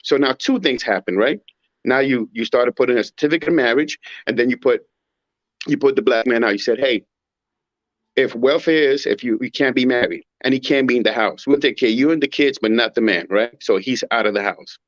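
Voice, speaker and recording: A man's voice: mid-range voice, brisk, no echo. A man in casual talk giving emphatic, rhetorical opinions and mimicking others in a raised voice. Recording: dull muffled audio.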